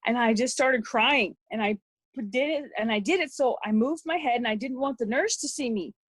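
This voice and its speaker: A woman's voice: fairly high pitch, normal speed, husky, dry recording. A middle-aged woman, a podcast guest, telling a personal story in a rambling way with many restarts.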